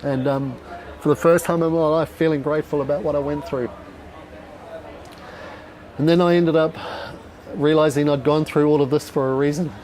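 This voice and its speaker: A man's voice: fairly high pitch, fairly even intonation, darkish tone, poor audio. Candid Australian man telling his story. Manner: candid and raw, swears often, halting with fillers. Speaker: speaker at a dinner talk. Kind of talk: personal storytelling talk.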